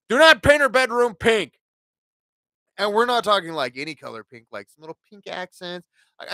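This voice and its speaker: A man's voice: sits high, sharp tone, dry recording. A man in his forties hosting a podcast, telling stories in a casual, profane, ranting way. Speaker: podcast host.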